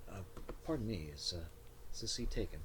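A man voicing a spare, middle-aged gunsmith, polite and measured. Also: lowish voice, animated, noisy background, lightly acted.

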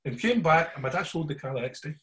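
A middle-aged man with a Glaswegian Scottish accent telling stories in casual chat, animated and always checking in with his listeners. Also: a little high, quick pace. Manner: animated yarn-spinning, keeps checking in with listeners.

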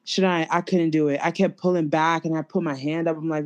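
A woman's voice: low voice, a little fast. Slangy young New woman storyteller. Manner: animated and slangy, filler-heavy with lots of "like". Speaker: podcast host. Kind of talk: casual storytelling to a friend.

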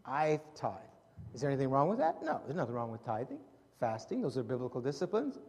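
A man preaching a sermon in an animated way, acting out scenes from the Gospels in different voices. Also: medium pitch, quick pace. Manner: animated, acts out Bible scenes with shifting voices. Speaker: pastor. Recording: long hall reverb.

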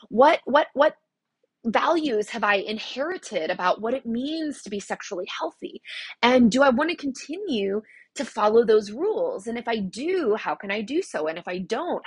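A woman in her forties, a yoga teacher and life coach, talking casually and warmly about her teaching, with many fillers and repeated words. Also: on the high side, husky, no echo. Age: 40s. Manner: chatty, repeats words, frequent fillers and laughs.

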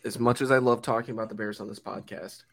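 A man's voice: lowish voice, steady tone, quick pace, vocal fry, fairly bright tone. Rambling young man talking football. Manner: rambling, many fillers and restarts. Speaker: podcast co-host. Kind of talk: casual sports chat.

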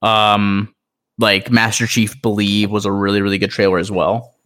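A man co-hosting a casual gaming podcast, talking in an excitable, rambling way with lots of fillers. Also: lowish voice, moderate pace. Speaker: podcast co-host. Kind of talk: casual chat.

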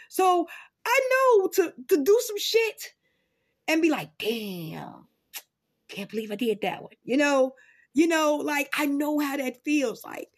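A woman vlogging in casual commentary, profane and dramatic, swinging between loud outbursts and low muttering. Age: adult parent.

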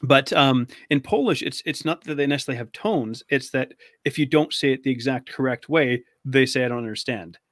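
A man's voice: medium pitch, a little fast, few pauses, fairly bright tone, dry recording, studio quality. A man from Canada telling stories in casual chat as a guest, full of fillers and easy laughs.

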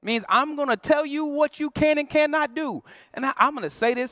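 A man's voice: very high voice, brisk, sharp tone, no room sound, clean studio sound. A male pastor preaching a sermon in a playful, slangy, conversational way, acting out quoted voices.

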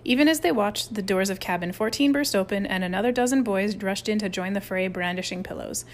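A woman's voice: mid-range voice, fairly quick. A woman narrating a children's chapter book aloud, reading expressively. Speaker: audiobook reader. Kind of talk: storybook narration.

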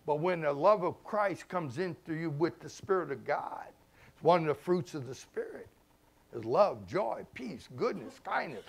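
A man, a pastor preaching a sermon in a conversational way, swinging between loud emphasis and hushed asides. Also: a little high, animated, moderate pace, gravelly, slightly rough. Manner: conversational, informal grammar and repeated phrases.

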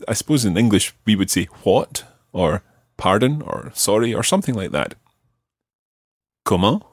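A man hosting a podcast language lesson, teaching patiently and slowing down to spell out each phrase. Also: on the low side, slightly rough, dry recording, studio quality.

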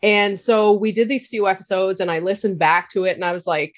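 A woman's voice: medium pitch, steady tone, a little fast. Outspoken woman with a Cape Breton accent. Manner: candid, laughs loudly, swears freely. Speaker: podcaster guest. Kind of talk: casual interview talk.

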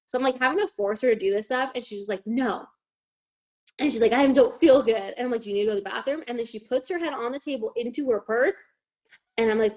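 A woman's voice: on the high side, a little fast. A young woman casually telling a story on a podcast, swearing often and acting out what everyone said. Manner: animated, swears often, acts out quotes.

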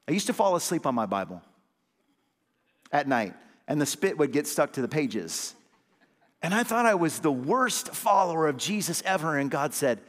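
A man, an associate pastor, preaching a sermon with call-and-response amens, swinging between loud emphatic lines and low hushed ones. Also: big pitch swings, normal speed, in a large hall.

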